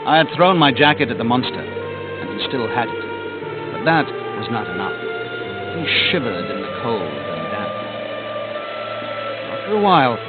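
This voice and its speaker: A man narrating a storybook on cassette, dramatic, sinking to a hush at the quiet moments. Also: medium pitch. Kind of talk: cassette audiobook reading. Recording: tinny lo-fi cassette with music.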